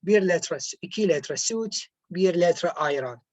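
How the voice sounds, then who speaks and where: A man teaching vocabulary who switches back and forth between two languages, pausing often and correcting himself as he explains. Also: high voice, expressive, darkish tone, no room sound. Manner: hesitant, with frequent pauses and self-corrections. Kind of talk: slow classroom explanation. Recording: dull, lo-fi, dry recording.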